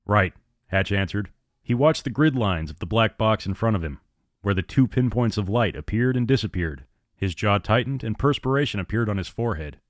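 A man narrating an audiobook with steady, dramatic storytelling. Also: lowish voice, a little fast, dry recording, studio quality.

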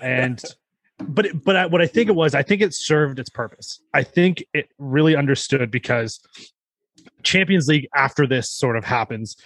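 A man's voice: mid-range voice, normal speed, fairly bright tone, dry recording. A man co-hosting a casual podcast, explaining at length in a rambling way with many fillers. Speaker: podcast co-host.

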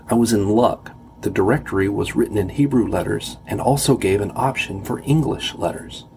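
A man narrating a first-person story, steady and wry. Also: fairly low pitch, gravelly, slight background noise. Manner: wry, self-deprecating. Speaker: audiobook narrator.

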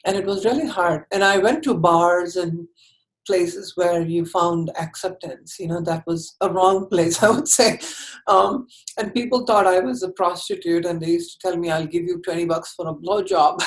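A woman telling her personal story in an interview, candid and earnest, often halting and restarting her sentences. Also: on the low side, poor audio.

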